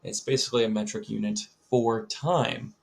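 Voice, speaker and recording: A young man teaching a recorded music lesson to children, chatty, talking straight to the students and filling pauses with lots of ums. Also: lowish voice, fairly even intonation, vocal fry. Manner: chatty, addresses students directly, many ums.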